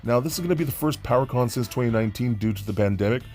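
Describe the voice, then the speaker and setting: An excited man reviews collectible toys, gushing and tripping over his own words as he restarts sentences. His voice has a warm, mellow tone at a middle pitch. Faint music plays underneath. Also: very fast. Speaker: toy reviewer. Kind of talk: enthusiastic toy review.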